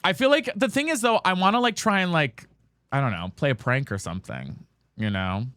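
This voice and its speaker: Here a man with a fairly high, animated, slightly bright voice talks a little fast in a dry, clean studio recording. He streams a game live, chatting casually, swearing, calling viewers "girl and guys," and asking teammates over and over whether they have mics.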